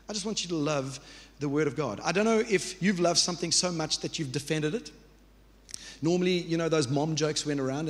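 Earnest pastor preaching in a reverberant hall. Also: male voice, a little high. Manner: earnest, conversational preaching with repetitions and asides. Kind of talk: sermon.

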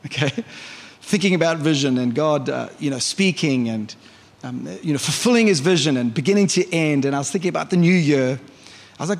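A man's voice: on the high side, a little fast. A male pastor preaching a conversational sermon in church, often asking the congregation questions. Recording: reverberant church hall.

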